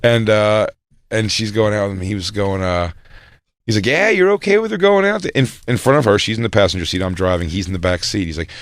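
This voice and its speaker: A man's voice: lowish voice, fairly quick, no room sound. Dry-miked man telling stories. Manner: storytelling, mimics others in quotes. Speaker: radio show co-host. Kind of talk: casual studio banter.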